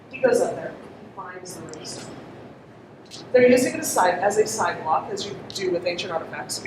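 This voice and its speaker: A woman's voice: on the low side, brisk. Chatty woman presenter, echoey room. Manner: chatty, asks the audience questions, laughs often. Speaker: conference presenter. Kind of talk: interactive storytelling talk to an audience. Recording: echoey room, distant mic, noisy.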